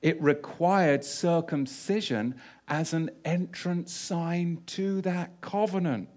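A man's voice: on the high side, slow pace, a little mellow. A man giving an emphatic sermon who often repeats key phrases and asks rhetorical questions. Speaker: Bible teacher.

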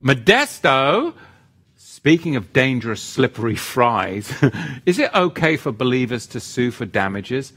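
A man's voice: mid-range voice, sing-song, measured pace, fairly bright tone, breathy edge. A middle-aged man from England whose accent has drifted toward American, hosting a live stream where he reads out viewer comments and answers them in a loose, rambling way. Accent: mid-Atlantic mix of English and American. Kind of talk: casual live chat.

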